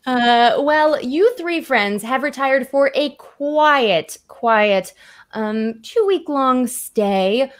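A woman runs a tabletop horror game, narrating scenes in a loose, chatty way full of fillers. Her voice sits slightly high. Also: drawn-out words. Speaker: game master.

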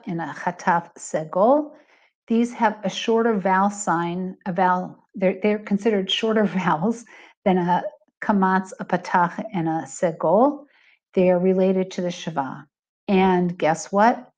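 Narrating a recorded lesson, a middle-aged Hebrew teacher speaks at a middle pitch. She explains patiently and clearly, slowing down to stress each example.

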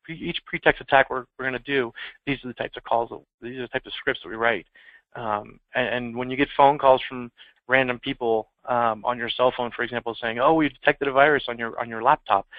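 A man's voice: mid-range voice, dry recording. A man giving a conversational security training talk, telling anecdotes in an informal way. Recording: tinny phone-like dry sound.

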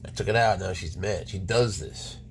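Gravelly man chatting to his pets. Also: low-pitched, normal speed, a little hiss or hum. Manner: coaxing, chatty, with muttered swearing asides. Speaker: exotic pet keeper. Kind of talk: casual chat to his pets.

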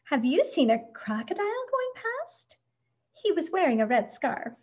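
An anxious, doting storybook lady full of worried questions, as a woman reader acts her out. Her voice sits high and fluttery. The recording is dull and lo-fi. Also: big pitch swings, measured pace, darkish tone. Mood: frantic. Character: fretful, doting middle-aged woman caring for a crocodile. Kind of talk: storybook read-aloud.

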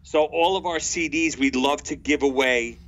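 Bright-voiced chatty man. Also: a little high, moderate pace, poor audio. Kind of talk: casual chat.

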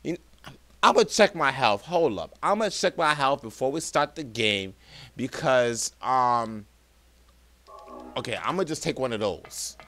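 A young man giving let's play commentary, excitable, talking to viewers as "y'all" and yelping and laughing at scares. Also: mid-range voice, unhurried. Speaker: gaming streamer.

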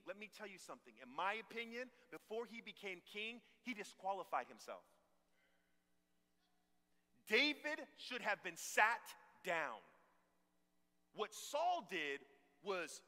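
A man's voice: high voice, sing-song, unhurried, sharp tone. A man preaching a sermon as pastor, emphatic and preacherly, calling out for amens. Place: church sanctuary. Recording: long church hall reverb.

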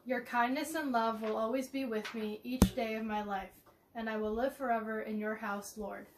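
A woman reads a psalm in measured phrases and cues the group's responses. She sounds set back from the mic, with a faint hiss behind her voice and a fairly high pitch. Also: steady tone. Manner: measured reading with cued responses. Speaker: psalm reader. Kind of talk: reading a psalm. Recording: distant mic with faint noise.

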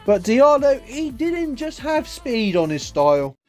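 A man with a high voice narrates and commentates his football video game, jokey and quick to get excited. He throws in plenty of casual asides. Faint music plays under him. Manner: excitable, jokey, says literally a lot. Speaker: gaming YouTuber.

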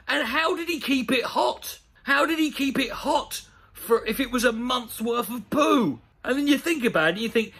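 A man delivers a profane, sarcastic comedy rant. His voice sits high and swings widely up and down. He keeps an animated, mocking edge throughout. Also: husky. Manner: sweary, sarcastic, animated ranting. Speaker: comedy commentator. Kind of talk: ranting comedic commentary on a news story.

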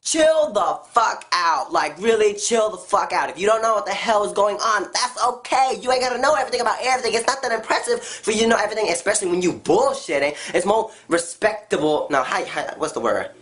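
A woman's voice: fast, few pauses. A woman vlogger delivering a blunt, profane comedic rant straight to camera, her voice jumping around as she goes. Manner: blunt, swears constantly, animated jumps in pitch.

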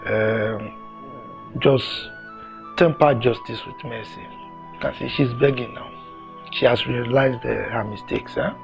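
An actor playing a family elder mediating a dispute, weary and reasoning. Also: male voice, medium pitch, steady tone, unhurried, vocal fry, pauses often, lo-fi sound, music in the background. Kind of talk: film drama acting.

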